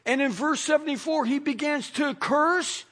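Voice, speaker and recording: A man's voice: very high-pitched, normal speed, a bit bright. A male pastor preaching, telling the story with energy and asking his listeners rhetorical questions. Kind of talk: sermon.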